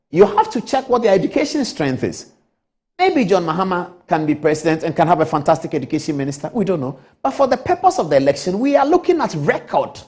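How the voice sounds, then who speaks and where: A man's voice: high voice, darkish tone. A man hosting a TV current affairs show, giving political commentary in the studio with repetition and rhetorical questions.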